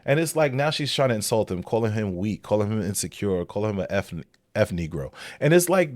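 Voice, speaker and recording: A man's voice: on the low side, big pitch swings, brisk, dry recording. A man giving blunt, incredulous commentary while reacting to a clip, his voice jumping up in disbelief. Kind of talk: casual commentary.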